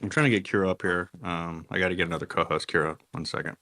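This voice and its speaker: A man's voice: sits low, fairly even intonation, quick pace, bright, forceful tone. Laid-back man hosting casual audio chat. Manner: laid-back, swears a lot, says bro. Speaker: host.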